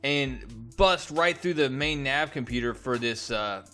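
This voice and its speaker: A man's voice: mid-range voice, unhurried, pushed and bright, soft background music. A man casually recapping and reviewing a comic book, telling the story animatedly with frequent restarts.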